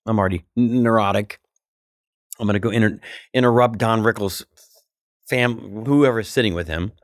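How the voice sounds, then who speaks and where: A man in his fifties telling stories in a relaxed interview. His voice sits fairly low, and he jumps up in pitch whenever he acts out what people said to him. The sound is close and dry, with no room around it. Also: moderate pace, no room sound. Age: 50s. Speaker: comedian guest. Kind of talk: casual storytelling interview.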